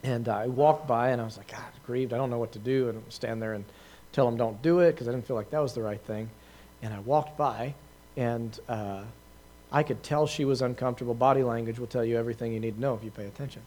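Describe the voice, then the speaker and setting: A preacher answering questions tells a story to a group in an informal, chatty way, with lots of fillers, restarts and laughs at himself. His medium-pitched voice is a little mellow, and he talks fast.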